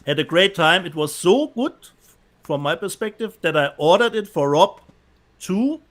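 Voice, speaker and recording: A man with a German accent and a fairly high voice, chatting casually as a co-host. He reads viewer comments aloud and laughs easily. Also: lively intonation, normal speed, fairly bright tone. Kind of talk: casual chat.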